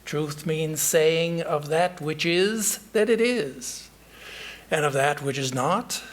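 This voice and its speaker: A male monk speaks in a temple, giving a sermon in a slow, unhurried voice. His tone is husky and a little breathy. He reflects in a measured way and pauses often to gather his thoughts. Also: on the high side. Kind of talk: sermon with storytelling.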